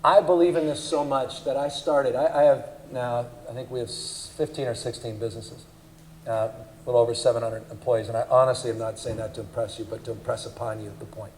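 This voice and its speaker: A man giving a public speech at a leadership forum, telling anecdotes in an animated, emphatic way. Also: medium pitch, a little fast, slight background noise, poor audio. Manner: animated storyteller, emphatic and punchy. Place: conference forum.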